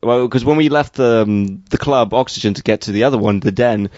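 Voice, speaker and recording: A man's voice: mid-range voice, brisk, a little mellow, no room sound, highs cut off. A man telling a story in casual chat, rambling with many fillers. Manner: loose, rambling, full of fillers.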